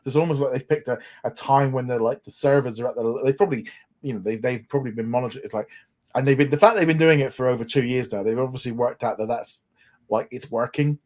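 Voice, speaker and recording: A man's voice: mid-range voice, quick pace, darkish tone. A man co-hosting a podcast, chatting with eager enthusiasm and frequent restarts. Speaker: podcast co-host. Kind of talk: casual chat.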